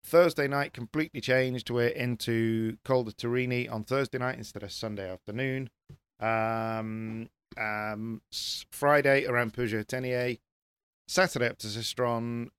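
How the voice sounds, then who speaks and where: A man talking rally as a pundit in casual panel chat, animated and repeating words as he presses his points. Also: mid-range voice, measured pace, smooth, dry recording.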